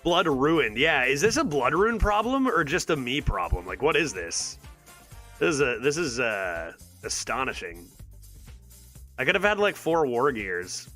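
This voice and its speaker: A man's voice: medium pitch, very animated, a little slow, bright, forceful tone, soft background music. A man streaming a card game, exasperated and sarcastic as he thinks aloud and talks to his chat. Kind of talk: live gameplay commentary to chat.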